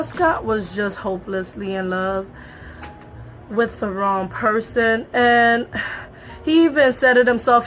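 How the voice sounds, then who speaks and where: Animated young woman recapping a show. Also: a little high. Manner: animated, emphatic, repeats phrases for effect; talks straight to viewers, calls them y'all. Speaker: reality show recap vlogger. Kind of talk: casual recap commentary.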